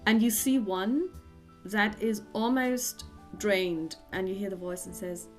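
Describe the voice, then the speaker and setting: A woman narrates as the game master of a tabletop game, describing each scene in an unhurried, halting way. Her voice sits at a middling pitch, and soft music plays underneath. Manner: descriptive, with frequent fillers and restarts.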